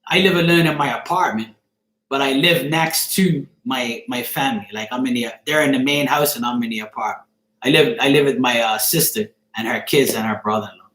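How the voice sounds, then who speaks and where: A man's voice: medium pitch, a bit bright. A Bermudian man chatting casually on a live stream, joking and swearing offhandedly as he answers viewers by name. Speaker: live streamer reading chat. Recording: echoey room.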